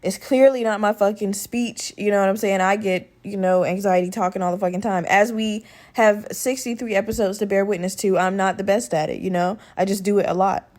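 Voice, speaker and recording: A woman hosting her own podcast in a casual, rambling, profane chat, her voice still a little rough from a respiratory infection. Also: medium pitch, little pitch movement, fairly quick, a little mellow. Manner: rambling, profane, conversational, with many fillers. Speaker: podcast host.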